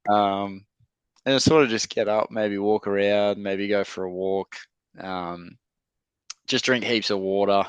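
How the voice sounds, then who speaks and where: A man's voice: lowish voice, fairly even intonation, unhurried, smooth, no room sound. A young Australian man, a rugby league player, telling stories in a casual podcast interview, laid-back and laughing often. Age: young adult. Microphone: podcast microphone.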